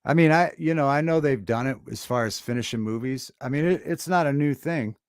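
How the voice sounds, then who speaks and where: A man hosting a casual livestream talk show, chatting with viewers in a halting, rambling way with many fillers and restarts. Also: medium pitch, no room sound, clean studio sound. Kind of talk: casual livestream chat reading viewer comments. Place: home studio.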